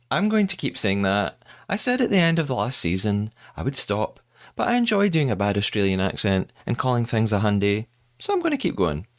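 A man hosts his podcast in a chatty, playful monologue, with a voice that swings up and down freely. His pitch sits in a middling range for a man, and he pokes fun at himself as he goes. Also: a bit bright. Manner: chatty, playful, self-mocking. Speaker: podcast host.

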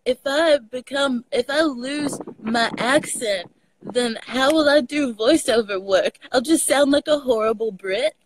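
A young woman with a Texan accent, chatting as a podcast guest, animated, laughing often and swearing casually. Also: high-pitched, unhurried, poor audio. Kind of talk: casual conversation.

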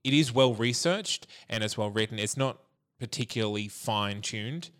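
A man's voice: on the low side, normal speed, fairly bright tone. A man co-hosting a podcast, talking in a rambling, self-deprecating way. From Australia. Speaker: podcast co-host. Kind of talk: casual chat.

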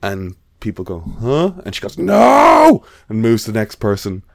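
A man's voice: lowish voice, level tone, fast talker, a little mellow, no room sound, studio quality. A man in casual chat, animatedly telling a story and acting out the voices of the people in it. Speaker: podcast guest.

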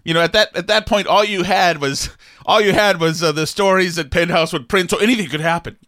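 A man's voice: sits high, brisk, bright, forceful tone, no echo, studio quality. A middle-aged man hosting a podcast, telling a rambling, jokey story with many restarts in casual chat. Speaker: podcast host.

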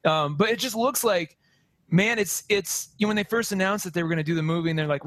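A man co-hosting a casual podcast, rambling and animated with lots of restarts. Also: high-pitched, quick pace, no room sound. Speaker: podcast co-host. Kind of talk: casual chat about movies.

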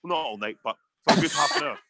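A man's voice: medium pitch, lively intonation, racing, heavy background noise. A Scottish man ranting heatedly in a casual podcast chat, swearing often. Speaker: podcast co-host.

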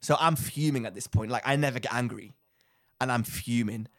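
A young man telling a story in a casual podcast chat, with animated, rambling delivery that circles back and repeats phrases. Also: mid-range voice, fairly quick, no echo. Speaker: podcast co-host.

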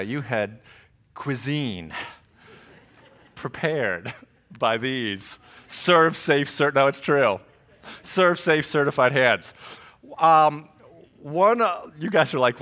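A middle-aged man preaching a sermon as pastor, telling stories with jokes and lively asides. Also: medium pitch. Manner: animated storytelling with jokes and asides.

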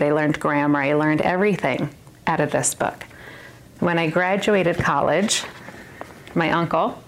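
A woman in her thirties giving a personal testimony to a women's Bible study, earnest and emphatic, often laughing at herself. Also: deep voice.

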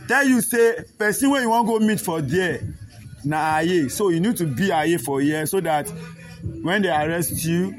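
Impassioned Nigerian man over loud music. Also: high voice. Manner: emotional, pleading, repetitive. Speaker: street speaker. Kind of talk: impassioned street talk.

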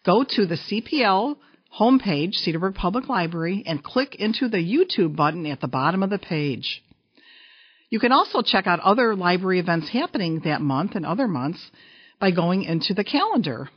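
A woman hosting a library program, making clear, informative announcements. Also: on the low side, very animated, moderate pace, dry recording. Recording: dry, dull recording.

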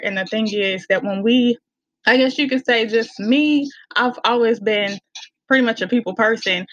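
A woman with a warm Southern US accent talks candidly as a podcast guest, animated and quick to laugh. Her voice sits in a middle register. The sound is a bit muffled and dry. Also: medium pitch, dry recording. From Arkansas, US. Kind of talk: casual interview chat.

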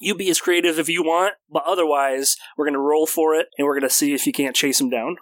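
A man's voice: fairly high pitch, fairly even intonation, quick pace, dry recording. A man running a tabletop role-playing game as game master, describing scenes and explaining rules in a laid-back way.

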